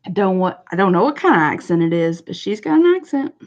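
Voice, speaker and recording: A woman's voice: lowish voice, big pitch swings, fast talker. Chatty woman streamer, muffled audio. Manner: chatty, answering viewers one by one. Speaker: livestream host. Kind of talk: casual chat.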